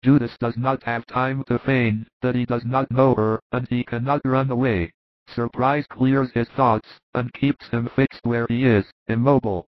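Measured male audiobook narrator. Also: mid-range voice, fairly even intonation, no echo. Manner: measured, descriptive. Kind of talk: audiobook narration of a religious text. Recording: dry, slightly dull sound.

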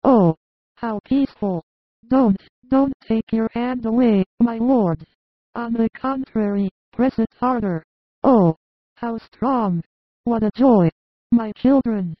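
A woman's voice: a little high, slow pace, no echo. A woman playing a suffering young mother. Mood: pleading. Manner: pleading and emotional. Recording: muffled, narrow phone-like sound.

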